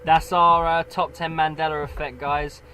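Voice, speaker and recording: A man's voice: on the high side, level tone, normal speed, bright, forceful tone, smooth, rough recording. A man co-hosting a casual chat, rambling and cutting himself off mid-sentence. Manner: rambling, self-interrupting. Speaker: co-host.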